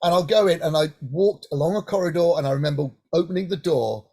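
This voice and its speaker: A middle-aged man from Hampshire, England, telling lively stories in an interview and often checking in with "right?". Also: a little high, fast talker, husky. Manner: animated anecdotal, frequent "right?" asides. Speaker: guest singer-songwriter. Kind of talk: casual interview storytelling.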